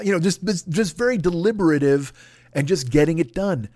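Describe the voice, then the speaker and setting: A man's voice: a little high, quick pace, dry recording. Profane ranting comedian man, dry sound. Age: 40s. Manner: profane, exasperated, animated. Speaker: comedian podcast host. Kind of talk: solo comedic rant.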